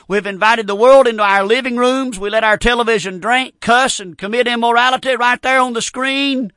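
A man's voice: very high voice, fairly quick, sharp tone, smooth, no echo, studio quality. A middle-aged man preaching a fervent radio sermon, repeating phrases in a folksy, plainspoken way.

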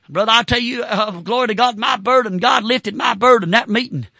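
A man preaching with fervor, breaking into shouts and whoops between his points. His voice sits high and sounds bright and tense. The sound is dry and close, with no room around it. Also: fairly quick, creaky, no room sound. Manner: fervent, shouting bursts and whoops. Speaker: Baptist pastor. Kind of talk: sermon.

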